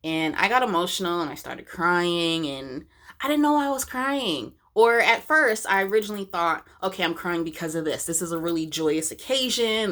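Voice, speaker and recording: A woman speaking candidly in a personal vlog, emotional and halting, often breaking off and restarting her sentences. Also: fairly low pitch, fairly bright tone. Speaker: vlogger.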